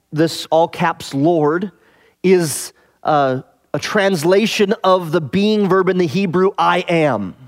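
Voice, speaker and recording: A man preaching an expository sermon, explaining scripture in a measured, teacherly way and pausing to rephrase. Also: high-pitched.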